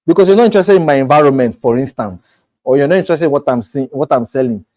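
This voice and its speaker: A man's voice: mid-range voice, fast, a little mellow, no echo, rough recording. Man coaching on sales. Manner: conversational, acts out quoted lines. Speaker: real estate sales coach. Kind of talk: informal coaching talk.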